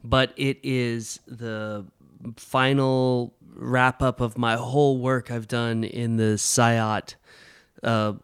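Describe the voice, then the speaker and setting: A man speaking as a podcast guest, relaxed and thinking aloud as he talks. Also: mid-range voice, slow pace, clean tone, dry recording, clean studio sound. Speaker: guest comics writer. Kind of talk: casual interview talk.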